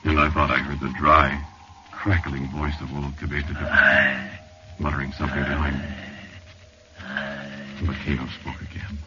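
A man's voice: very deep voice, completely flat delivery, moderate pace, long pauses. A man narrating a 1940s radio drama in the first person, telling a frightening dream with tense, dramatic delivery. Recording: hissy, muffled old radio recording.

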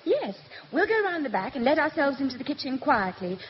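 An actress playing a sensible young woman, the older sister, brisk and organising. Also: sits high, big pitch swings, slight background noise. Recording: muffled old radio recording.

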